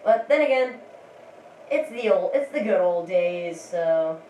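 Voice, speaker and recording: A woman's voice: lowish voice, expressive, unhurried, mellow. A woman chats loosely over her gameplay in a giggly, rambling way, often restarting her sentences. Her voice sounds roomy and set back from the mic. A faint hiss runs underneath. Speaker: gameplay commentator. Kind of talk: casual let's-play commentary. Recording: roomy, distant mic, faint background noise.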